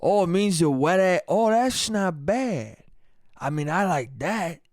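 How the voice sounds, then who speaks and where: A man voicing a creepy, lecherous old Italian man in a slow, leering drawl. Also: sits high, expressive, no room sound, clean studio sound.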